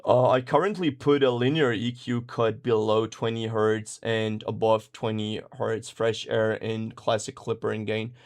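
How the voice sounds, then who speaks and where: A man who works as a music producer and mix engineer, answering viewer questions in a casual, profane, laid-back way that turns animated when he tells stories. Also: lowish voice, unhurried, few pauses. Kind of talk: casual livestream Q&A.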